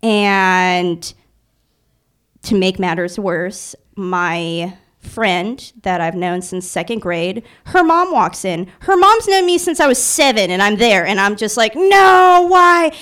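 A young woman telling a personal story in an animated, self-mocking way, full of filler words. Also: mid-range voice, slow pace, clean tone. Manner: animated, filler-heavy retelling with many "like"s; self-mocking, anxious narrating tone.

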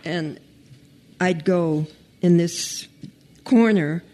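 A woman telling a personal story in an unhurried, conversational way, pausing and restarting as she goes. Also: on the low side, dark tone.

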